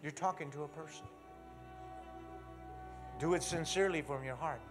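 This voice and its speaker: A man preaching a sermon in a church, animated, moving from hushed talk to loud exhortation as he leads the congregation. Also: a little high, normal speed, over music. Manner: leads the congregation in call-and-response.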